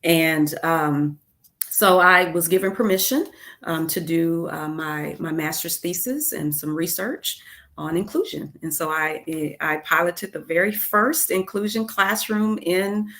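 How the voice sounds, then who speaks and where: Guest: low-pitched middle-aged woman, earnest storyteller, lots of ums. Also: a little slow, fairly bright tone. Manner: earnest, many fillers like um and uh. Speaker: guest, education leader. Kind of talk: interview storytelling.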